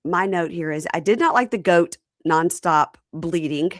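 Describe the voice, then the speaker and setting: A woman hosting a podcast, telling a story in a casual, animated way and acting out what people said. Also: on the low side, normal speed, no echo. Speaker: podcast host. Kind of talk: casual recap chat.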